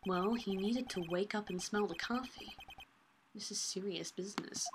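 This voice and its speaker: A woman's voice: medium pitch, moderate pace, background noise, close to an everyday voice. A woman voicing an earnest, flustered young male defense attorney in an amateur game reading. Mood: dry.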